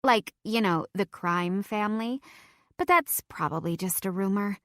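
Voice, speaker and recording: A woman's voice: medium pitch, expressive, measured pace, a bit bright, dry recording, clean studio sound. A woman voicing a gossipy, well-informed college girl who talks in a confiding way.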